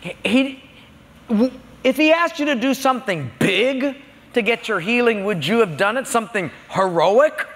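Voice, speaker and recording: A man's voice: very high voice, lively intonation, moderate pace, fairly bright tone, in a large hall, pitched above the performer's own voice, exaggerated voice. A man voicing a servant who earnestly questions his master. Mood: probing.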